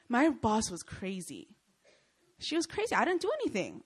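A woman's voice: high-pitched, normal speed. A young woman giving a sermon to students, telling stories with lots of energy and often checking in with her listeners. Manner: animated storytelling, often checks in with "Okay?" and "Right?". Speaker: speaker at a Christian student gathering.

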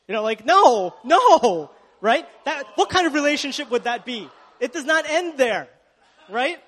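A young man preaching in a relaxed, conversational way, with a light, high voice. He keeps asking his listeners questions and stumbles over restarts, and his words ring out with a long hall echo. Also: normal speed. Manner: casual, chatty, asks the audience questions, self-interrupting. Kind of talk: sermon.

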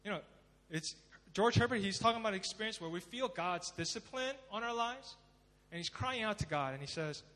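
Male pastor, high voice, dramatic sermon delivery, long hall reverb. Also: expressive, fairly quick. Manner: dramatic, swings from loud emphasis to hushed pleading.

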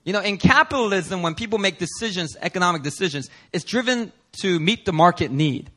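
A man's voice: high-pitched, animated, brisk, a bit bright. A male pastor preaching a sermon in an earnest, emphatic way, building intensity through repetition.

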